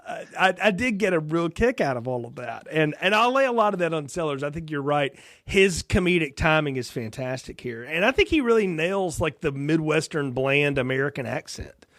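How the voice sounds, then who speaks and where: Fields: Sex: man. Role: podcast co-host. Style: casual film review chat. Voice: high. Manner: animated, laughing, acts out lines. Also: a little fast, few pauses, no room sound, clean studio sound.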